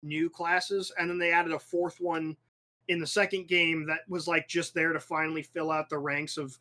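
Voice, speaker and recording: A young man hosting a casual podcast chat with a bright, slightly high voice. He rambles and swears freely, restarts his sentences and launches into animated tangents with acted-out asides. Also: normal speed. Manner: rambling, profane, restarts often. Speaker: podcast host.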